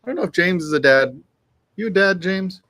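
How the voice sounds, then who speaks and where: A man's voice: sits high, animated, a little fast, fairly bright tone. Laid-back man hosting outdoors. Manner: laid-back, swears freely, greets viewers by name. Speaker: livestream host. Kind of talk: casual livestream chat. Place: outdoors on a windy afternoon.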